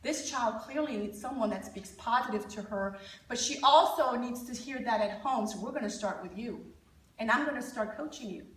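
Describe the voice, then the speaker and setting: A woman giving a conference talk, an animated storyteller who coaches parents and jokes with her audience. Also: a little high, normal speed, reverberant, recorded from a distance, rough recording. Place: conference hall.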